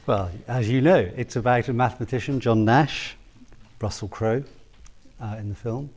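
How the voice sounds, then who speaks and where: Man, preacher, sermon, mellow tone, earnest, swings from loud emphasis to hushed. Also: mid-range voice, moderate pace, a little hiss or hum. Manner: earnest, builds to emphatic peaks then drops soft.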